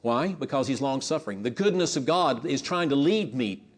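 A man preaching with passion, his pitch swinging from hushed low lines up to ringing emphatic peaks. He leads the congregation in a spoken prayer, earnest and pleading. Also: animated, moderate pace, slightly rough. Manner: impassioned, rises to emphatic peaks then drops low. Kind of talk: sermon.

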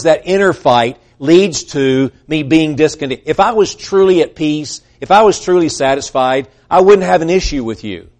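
Earnest preacher with a slightly high voice. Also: male voice. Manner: earnest, rising to emphatic peaks, trailing off quietly; acts out quoted voices in his preaching. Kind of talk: sermon.

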